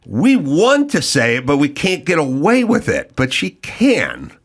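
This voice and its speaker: A man hosting a casual podcast chat, animated and given to quick mimicking bits. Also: fairly high pitch. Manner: animated, mimics accented speech in quick impressions. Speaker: podcast host.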